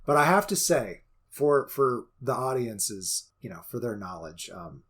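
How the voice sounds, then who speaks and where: A man co-hosting a podcast in casual chat, talking in halting, hedging bursts with some teasing. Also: mid-range voice, sing-song, fairly bright tone, slightly rough. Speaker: podcast co-host.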